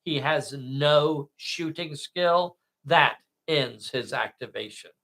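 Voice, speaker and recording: Male tabletop game host, raised pitch, gravelly edge, dramatic play-by-play for young-at-heart viewers. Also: slow pace, sharp tone. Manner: addresses viewers as boys and girls, dramatic asides. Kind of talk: enthusiastic play-by-play narration.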